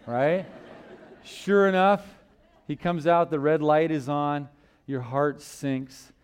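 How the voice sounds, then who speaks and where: A man preaching a sermon in church, asking rhetorical questions and swinging between loud emphasis and hushed lines. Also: on the high side, measured pace, smooth.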